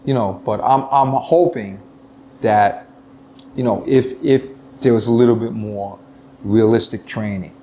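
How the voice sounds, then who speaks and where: A middle-aged man, a retired police lieutenant telling stories in an interview, animated and full of restarts. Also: on the low side, measured pace, slight background noise. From United States. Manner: animated storytelling, many restarts, acts out quoted voices. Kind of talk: casual interview talk.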